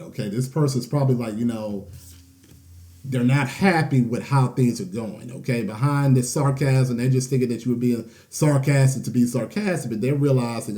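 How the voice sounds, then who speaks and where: Dark-voiced man giving a tarot reading. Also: medium pitch, normal speed. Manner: conversational, frequent "you know" and "okay?" tags. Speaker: tarot reader. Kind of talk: collective tarot reading monologue.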